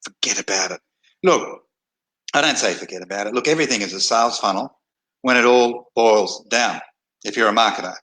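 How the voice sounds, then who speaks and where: A man speaking at an ordinary, mid-range pitch in a loose, off-the-cuff monologue. He is blunt and wanders, circling back to repeat phrases and starting sentences over. He sounds like he is sitting at a desk indoors on a hot day. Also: a little fast, sharp tone, poor audio. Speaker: internet marketer. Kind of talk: casual talking-head monologue.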